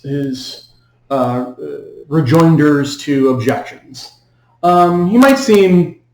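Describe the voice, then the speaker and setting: Hesitant male philosophy lecturer, echoey room. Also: mid-range voice. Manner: hesitant, many ums and restarts. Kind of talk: recorded lecture.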